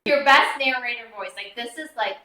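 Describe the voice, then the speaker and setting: Bright, excitable woman co-host. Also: on the high side, normal speed. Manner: excitable, giggly, playful. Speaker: podcast co-host. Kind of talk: casual podcast chat. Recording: echoey room.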